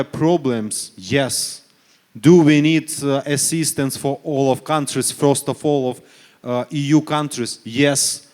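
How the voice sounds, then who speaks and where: A man from Ukraine, speaking on a forum panel in halting English, full of fillers and self-corrections, pressing his case with earnest rhetorical questions. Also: mid-range voice, darkish tone. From Donetsk region, Ukraine. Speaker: panelist, human rights official. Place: conference panel stage.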